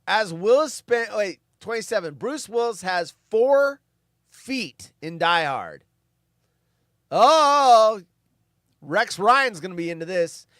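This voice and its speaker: A man with a high-pitched voice reads trivia in a relaxed commentary, breaking off for offhand asides. The recording is dry and close, with no room sound. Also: unhurried, dry recording. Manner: reads facts, then adds offhand asides. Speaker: host reading movie trivia. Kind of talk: casual commentary over a film.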